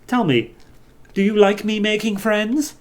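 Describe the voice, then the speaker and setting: A man's voice: high-pitched, a little slow, voice pushed up. A man voicing a creepy sick boy with power over death, talking in an eerie, falsely polite way.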